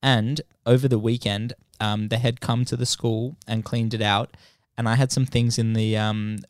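Brief: male podcast host, mid pitch, animated storyteller, dry close sound. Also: moderate pace, clean tone, dry recording. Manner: animated, swears freely, acts out the story. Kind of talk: casual chat storytelling.

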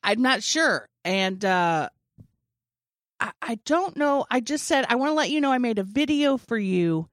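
A woman's voice: a little high, a little slow, dry recording, studio quality. A woman in her forties telling a long funny story in casual chat, acting out what people said and laughing often. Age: 40s. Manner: animated storyteller, acts out quotes, laughs often.

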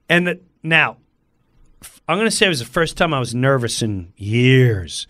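A man in his fifties, a comedian telling a story in casual chat, animated, acting out voices and swearing. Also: mid-range voice, normal speed. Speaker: comedian guest.

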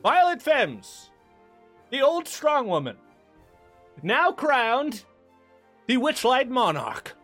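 A man's voice: sing-song, slow, pauses often, fairly bright tone, soft background music, heavily acted. A man voicing a flamboyant male carnival ringmaster in a showy, theatrical announcer manner. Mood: announcing. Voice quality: high, theatrical showman voice. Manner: grand announcer delivery, prim and flustered.

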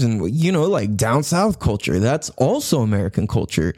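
A man talks in a loose, rambling monologue, cursing freely and laughing between thoughts. His voice sits a little high and swings widely in pitch, and the sound is dry and close. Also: very animated, a little mellow, no echo. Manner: rambling, profane, laughing, slips into quick impressions. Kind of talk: casual monologue.

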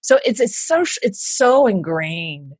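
A Southern woman from Houston, Texas speaks slowly in a husky, mid-range voice with no room sound. She's a business coach in a casual podcast conversation, with a Southern American accent, animatedly telling stories and voicing the people she quotes.

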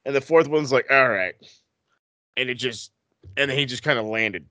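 A man co-hosting a casual wrestling podcast, talking in an animated, profane way that swings into excited outbursts. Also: mid-range voice, moderate pace, no room sound. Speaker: podcast co-host.

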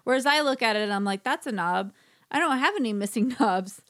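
A woman's voice: a little high, animated, brisk, a bit bright. A woman co-hosting a casual chat, joking and talking with lots of "like".

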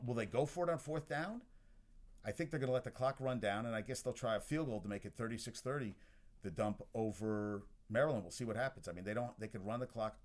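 A man hosting a sports podcast, chatting casually about games as he watches one, rambling with restarts and asides. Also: medium pitch. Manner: chatty and excitable about scores. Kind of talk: casual sports talk while watching a game.

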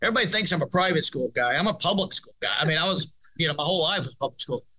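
A man's voice: fairly high pitch, rapid-fire. A middle-aged man, a football coach telling a story in an interview with many restarts. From Arkansas, USA. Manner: animated, rambling restarts, laughs through story. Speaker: high school football coach, guest.

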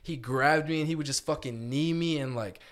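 A man's voice: a little high, normal speed, a crowd in the background. Rambling, profane young man telling a story. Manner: rambling, profane, heavy filler words. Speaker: podcast co-host. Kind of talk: casual storytelling chat.

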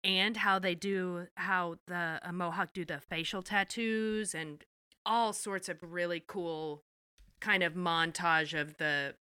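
A woman's voice: on the low side, fairly even intonation, takes it slowly, sharp tone, clean tone, no room sound, clean studio sound. A woman co-hosting a podcast, recapping an episode with enthusiasm and casual swearing. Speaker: podcast co-host.

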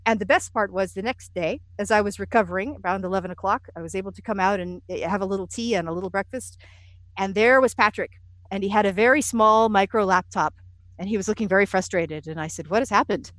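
Lively woman telling stories. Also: medium pitch, quick pace, no echo. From United States. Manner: lively, self-deprecating storyteller with frequent "uh" and "you know". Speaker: interview guest. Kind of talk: conversational storytelling.

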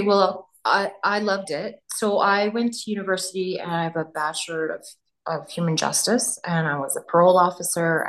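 A woman's voice: lowish voice, a bit bright. A woman in her fifties, a podcast guest talking candidly in a casual chat and often trailing off mid-thought. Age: 50s.

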